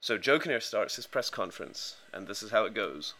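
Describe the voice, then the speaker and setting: A man's voice: lowish voice, animated, brisk, a crowd in the background. A man casually telling sports stories on a podcast, rambling with fillers and restarts. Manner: rambling with many fillers and restarts, acting out quotes. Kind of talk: casual storytelling.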